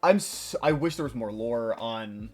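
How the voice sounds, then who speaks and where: A young man talks in an excitable, rambling way, swearing freely in a loose stream chat. His pitch sits at an ordinary middle height. Faint music plays behind him. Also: measured pace. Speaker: stream co-host. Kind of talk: casual chat.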